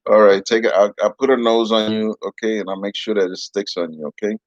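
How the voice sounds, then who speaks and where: A very deep-voiced man leads a casual Bible lesson in a patient, soothing, rambling way. His voice is dry and close. The recording is dull and lo-fi. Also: steady tone, brisk, few pauses, no room sound. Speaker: Bible teacher with a puppet.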